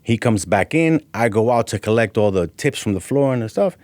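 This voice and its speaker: A man, a gym owner and guest on a podcast, telling a personal story in a lively way. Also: lowish voice, fairly quick, no room sound. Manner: animated storyteller, acting out quoted voices. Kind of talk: storytelling in an interview.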